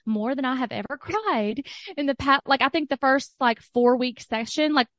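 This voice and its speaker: A woman's voice: sits high, normal speed, fairly bright tone, no echo, studio quality. A woman talking candidly as a podcast guest and coaching client, chatty and full of "like" with frequent laughter. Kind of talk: candid casual chat.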